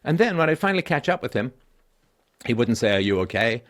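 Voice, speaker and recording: A middle-aged man hosts a call-in show and tells his stories bluntly, cursing along the way. Very animated and a little fast, he sinks low and weary, then rises loud and emphatic.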